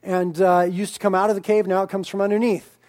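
A man with a notably high voice preaches to his congregation. He stretches key lines out slowly and loudly, then drops into quieter, conversational asides. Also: flat delivery. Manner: emphatic preaching, swinging between loud drawn-out lines and quiet asides. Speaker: pastor. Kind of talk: sermon.

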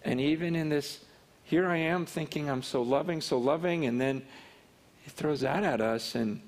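A man's voice: on the high side, normal speed. A man preaching in an earnest way, telling a personal story and acting out what others said. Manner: earnest, personal storytelling that acts out quoted speech. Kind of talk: sermon storytelling.

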